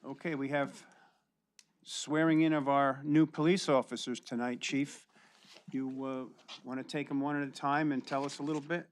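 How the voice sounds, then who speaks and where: A man's voice: medium pitch, flat delivery, normal speed. A man chairing a council meeting who moves the agenda along with casual, offhand procedural remarks.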